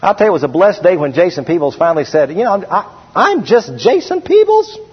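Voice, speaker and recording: A middle-aged male pastor preaching to his church, his voice husky and a little high. He slows down and leans hard on each verse he reads. The sound is dull and rings with a long hall echo. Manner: preaching with slowed, emphatic scripture reading. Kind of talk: sermon. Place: church sanctuary.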